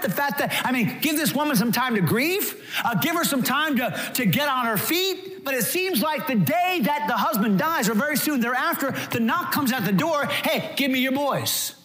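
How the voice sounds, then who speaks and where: A male pastor delivering a sermon in a high voice. His pitch rises and falls with lively animation. He slips into quoted voices to act them out. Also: brisk.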